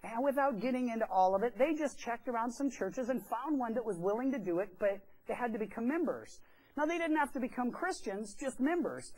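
A man's voice: extremely high pitch, expressive, brisk, a little mellow, low-quality recording. A pastor telling a story during a sermon in a church. He talks in a chatty way and acts out the quoted voices. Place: church sanctuary.

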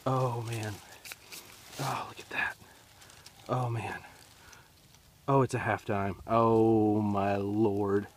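A man narrating a metal detecting find outdoors into a handheld camera, shaky and hushed and repeating himself in disbelief. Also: fairly low pitch, level tone, drawn-out words, pauses often, a little hiss or hum. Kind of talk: excited outdoor vlog narration. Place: outdoors at a dig site.

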